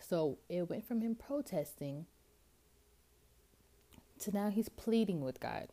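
A woman's voice: medium pitch, expressive, measured pace, pauses often, dark tone. A woman hosting a podcast, reading scripture and explaining it in a chatty way full of fillers. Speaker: podcast host. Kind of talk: casual scripture reading and commentary.

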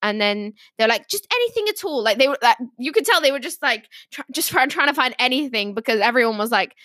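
A woman's voice: on the high side, quick pace, bright, forceful tone, dry recording, clean studio sound. A woman chatting casually on a podcast, telling stories in a rambling, giggly way.

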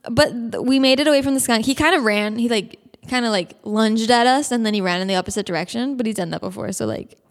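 A young woman from Canada casually telling stories on her vlog, blunt and fast-talking, swearing and laughing often. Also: on the high side, big-room sound. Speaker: vlogger. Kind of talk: casual storytelling.

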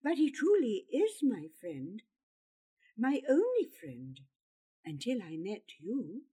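A woman voicing an earnest, apologetic young boy who speaks quietly and pleads. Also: a little high, huge pitch swings, takes it slowly, breathy edge, heavily acted. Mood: pleading.

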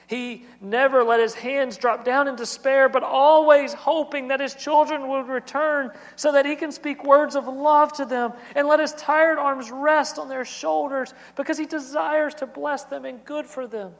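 An earnest pastor in his thirties preaches a sermon in a notably high voice, using a repetitive cadence that keeps building. His intonation is fairly even and his pace measured, with hardly any pauses. A long reverb follows his words, as in a church sanctuary.

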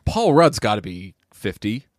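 A man co-hosting a casual movie-review podcast, telling stories with sarcastic asides and animated quoted voices. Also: lowish voice, measured pace, dry recording, studio quality. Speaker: podcast co-host.

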